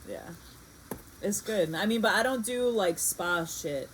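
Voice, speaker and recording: A woman's voice: mid-range voice, animated, unhurried, fairly bright tone, slight background noise, low-quality recording. A middle-aged woman with a New York accent, chatting casually and bluntly as a podcast co-host, laughing easily and swearing. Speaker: podcast co-host, massage therapist. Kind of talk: late-night casual chat.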